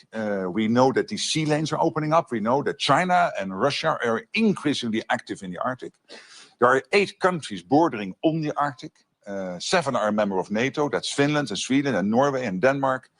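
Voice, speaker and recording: A man giving a formal, measured press statement. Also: mid-range voice, a bit bright. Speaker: alliance official giving a statement.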